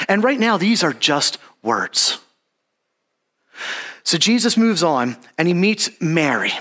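A man's voice: sits high, very animated, slow pace, long pauses, pushed and bright. A man giving a casual, conversational sermon, acting out Bible characters in an everyday modern voice. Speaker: preacher.

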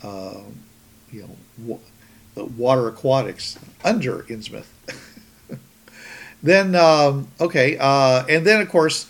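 A man's voice: mid-range voice, slow pace, long pauses. A man hosting a podcast in casual chat, rambling with many restarts. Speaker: podcast host.

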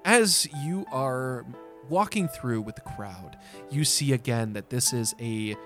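Slow, hesitant male game master. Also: mid-range voice, lively intonation, a bit bright, soft background music. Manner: descriptive, many fillers and pauses. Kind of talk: narrating a tabletop role-playing game.

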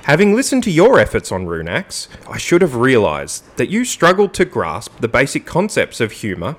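Male podcast co-host, animated pitch, dry comic banter and deadpan mock-formal reading. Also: normal speed. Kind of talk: casual banter and reading a statement aloud.

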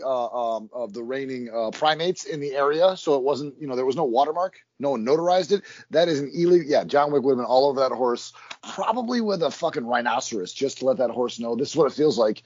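A man's voice: mid-range voice, fast talker, no echo, muffled recording. A man co-hosting a film podcast, riffing in casual, profane comic banter. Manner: animated, swearing, riffing.

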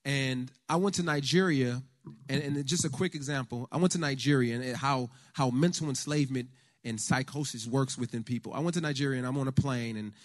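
Man, from the US, faith-based talk, storytelling, speaks to a live audience, middle pitch. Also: a little fast. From United States. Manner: animated storyteller, conversational with the audience. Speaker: speaker at a church lunch talk.

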